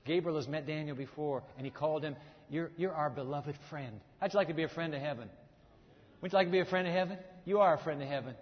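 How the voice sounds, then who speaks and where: A high-pitched male pastor preaching with dramatic flair, his voice carrying a long echo through a church hall. The sound is muffled and dull. He acts out the scripture characters in lively bursts. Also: fast talker. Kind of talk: sermon. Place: church sanctuary.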